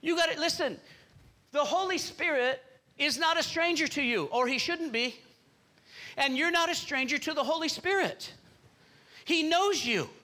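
Male pastor preaching with fervour; bright, forceful voice. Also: very high voice, moderate pace, long pauses. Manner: fervent preaching, repeats phrases, urges the congregation. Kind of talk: sermon.

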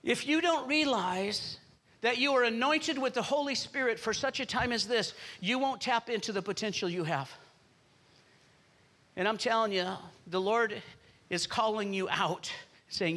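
A man's voice: high-pitched, moderate pace, bright, forceful tone. A man preaching a fervent sermon as pastor, repeating phrases and urging the congregation on.

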